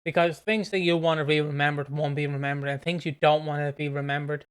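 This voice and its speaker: A man's voice: a little high, flat delivery, fast, clean tone. A man co-hosting a podcast in casual chat, rambling into tangents and laughing easily. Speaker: podcast co-host.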